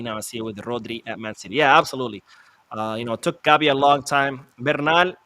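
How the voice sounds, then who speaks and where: A man's voice: medium pitch, sharp tone, no room sound. A man hosting a live football watch-along, reacting to the match, reading chat messages aloud and swearing when his team misses chances.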